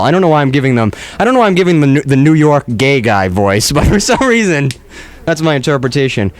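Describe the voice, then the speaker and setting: A man's voice: mid-range voice, very animated, fast. A man hosting a comedy podcast, rambling through a mock-earnest monologue with many restarts. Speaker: podcast host.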